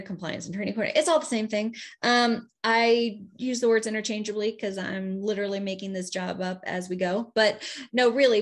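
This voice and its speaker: Woman chatting thru a webinar, lots of ums and you knows, medium voice. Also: medium pitch. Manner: chatty, warm and emotional, many fillers. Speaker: state program director. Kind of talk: casual webinar presentation.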